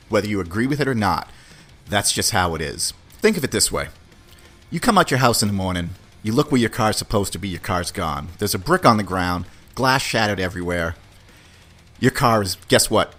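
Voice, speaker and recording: Blunt, animated man with a low voice. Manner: blunt and opinionated, with casual slang and swearing; acts out little dialogues with put-on quick voices. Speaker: podcast host. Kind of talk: solo podcast monologue.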